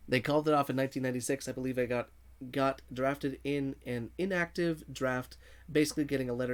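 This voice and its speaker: Speaking briskly at a medium pitch, this man streams a video game and keeps the commentary casual. He laughs a lot and reads out messages from his viewers.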